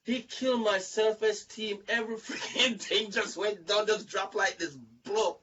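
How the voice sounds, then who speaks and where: A man hosting a casual group talk, telling stories in an animated, rambling way, repeating words and acting out other people's lines. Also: high voice, a little slow, distant mic, highs cut off, slight background noise. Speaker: show host. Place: online video chat.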